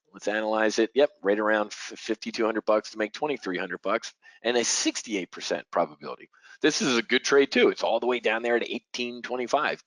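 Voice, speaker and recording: The low-quality recording, with no room sound, captures a middle-aged man whose voice is on the low side with a fairly bright tone. Teaching a live options-trading webinar, he talks straight to his audience in a punchy way, using rhetorical questions and fighter-pilot jargon.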